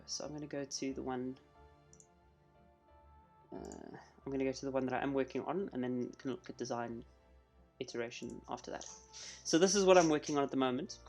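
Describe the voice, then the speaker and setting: A man streaming a live coding session, chatting casually and thinking out loud as he works. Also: medium pitch, gravelly.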